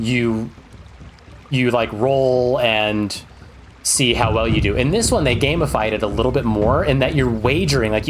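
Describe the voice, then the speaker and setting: A man's voice: mid-range voice, slight background noise. A man streaming and ranking games, chatting in a casual, enthusiastic way with plenty of fillers and restarts. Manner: chatty and rambling, with many fillers. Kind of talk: casual livestream commentary.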